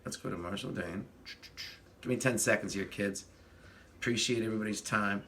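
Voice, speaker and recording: A man's voice: lowish voice, moderate pace, sharp tone, a little hiss or hum. A man hosting a casual livestream chat, rambling as he greets viewers and reads their comments while fiddling with the stream. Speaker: livestream host.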